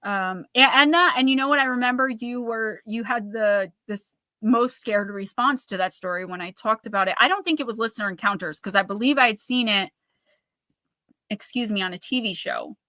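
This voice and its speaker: Woman host, live storyteller; animated, bright tone, plays the quoted characters. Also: fairly high pitch, normal speed, no echo, studio quality. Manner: animated, acts out quoted voices while retelling a story. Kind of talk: casual storytelling on a live show.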